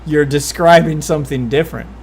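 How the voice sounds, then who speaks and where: A woman's voice: deep voice, fairly quick, noisy background. A woman streamer chatting casually on a live stream, blunt and crude, joking and talking over her co-host. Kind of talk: casual chat.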